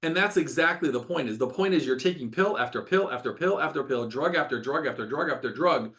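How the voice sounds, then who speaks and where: A man's voice: on the high side, expressive, brisk, fairly bright tone. A middle-aged man, a doctor hosting a webinar, talking with passion, ranting and repeating words for emphasis.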